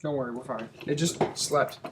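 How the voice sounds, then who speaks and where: A man's voice: medium pitch, fairly even intonation, moderate pace, noisy background. A young man co-hosting a casual podcast, reading a script aloud and teasing his friend with crude jokes. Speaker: podcast co-host.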